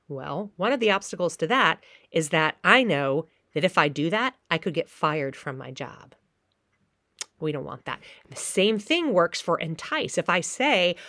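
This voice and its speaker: Dry, low-voiced woman teaching theater. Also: very animated, moderate pace, sharp tone, no echo. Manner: acts out short quoted pleas and threats as examples. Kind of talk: recorded lecture.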